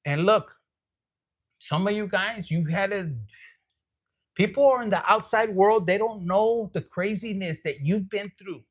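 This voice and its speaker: Brief: man, tarot reader, high voice, sassy and foul-mouthed. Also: measured pace, long pauses. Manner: profane, sassy and rambling. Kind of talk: casual tarot reading.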